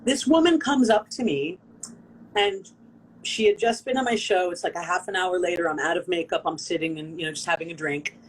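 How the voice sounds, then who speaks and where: An American woman, a performance artist, telling a personal story on a video call interview in an expressive, earnest way, acting out the people she quotes. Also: fairly low pitch, fairly quick, husky, poor audio. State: tearful.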